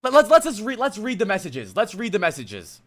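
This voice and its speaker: A man's voice: sits high, huge pitch swings, a little fast, fairly bright tone. A man coaching a player on a live stream, blunt, exasperated and profane, turning to chat as he lectures. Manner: talks to chat while lecturing a student. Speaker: streamer coach reviewing gameplay.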